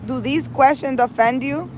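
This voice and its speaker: A woman's voice: high-pitched, moderate pace. A woman from New hosting a casual live stream, reading out viewer comments and answering them frankly, with lots of fillers. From United States. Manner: chatty, frank, talks straight to viewers with many fillers. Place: outdoors in a city. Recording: outdoor wind and traffic noise.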